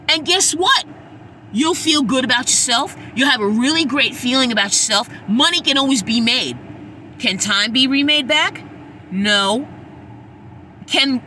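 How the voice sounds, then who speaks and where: A woman's voice: sits high, pushed and bright, slight background noise. A woman hosting her own podcast, talking in a blunt, sassy, preachy monologue and swearing freely. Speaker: podcast host. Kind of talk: casual monologue.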